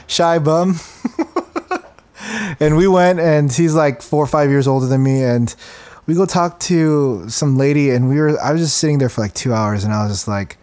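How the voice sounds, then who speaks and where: A man's voice: on the high side, normal speed, a little mellow. A young man co-hosting a podcast, telling a story in a casual way, laughing often and repeating words. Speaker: podcast co-host.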